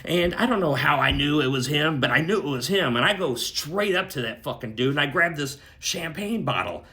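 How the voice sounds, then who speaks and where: Man, casual storyteller, profane, slightly high voice, very animated, bright tone. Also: fairly quick. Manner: profane, animated, keeps adding "right?". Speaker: storyteller recounting a dream.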